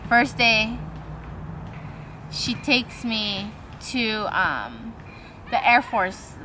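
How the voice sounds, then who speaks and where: A woman's voice: medium pitch, sharp tone, a little hiss or hum, poor audio. A young woman vlogger telling a long, rambling personal story in a casual way, swearing freely and acting out the lines of the people in it. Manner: acts out quoted dialogue.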